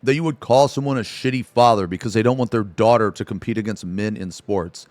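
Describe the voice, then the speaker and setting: A man's voice: on the low side, brisk, dry recording. A man streaming live, chatting casually and telling stories, swearing constantly and breaking into laughter. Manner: profane, laughing, animated storytelling.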